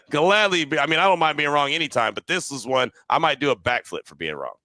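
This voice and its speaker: Male podcast host, bright and forceful, dry close mic, analytical and conversational. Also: fairly high pitch, animated, fairly quick, no echo. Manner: analytical, often ends points with "right?". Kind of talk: casual sports podcast talk.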